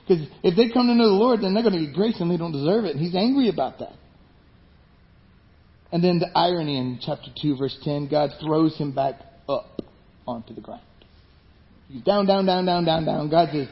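A man with a high voice preaches a sermon with emphasis and puts rhetorical questions to the congregation. The recording is dull and lo-fi. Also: animated, a little fast. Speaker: pastor. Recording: dull lo-fi sound.

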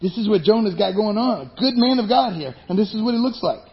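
Man, pastor, emphatic sermon, rhetorical questions, high voice, muffled lo-fi recording. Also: expressive, quick pace. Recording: dull lo-fi sound.

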